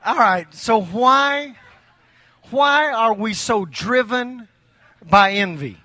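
A man's voice: extremely high pitch, pushed and bright, no echo. A man preaching a morning sermon, moving from earnest warnings to a long joke told with character voices. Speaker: pastor.

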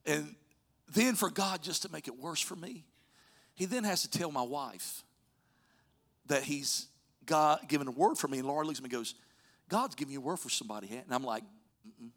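A man's voice: fairly high pitch, normal speed. Man preaching with rising and falling intensity. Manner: storytelling preacher, swings from loud urging to soft near-whispers. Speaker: pastor. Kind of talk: sermon.

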